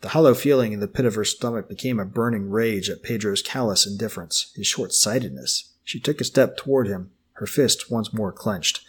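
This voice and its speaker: A man reading a novel aloud as an audiobook in a steady, expressive way. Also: fairly low pitch, fairly quick, few pauses, husky. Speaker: narrator. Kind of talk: audiobook narration.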